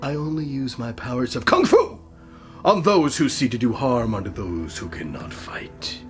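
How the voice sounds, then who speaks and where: A man voicing a friendly male kung fu mammoth with a deep, gravelly, laid-back voice. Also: wildly swooping pitch, normal speed, faint music behind. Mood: friendly bravado. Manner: laid-back, easygoing bravado.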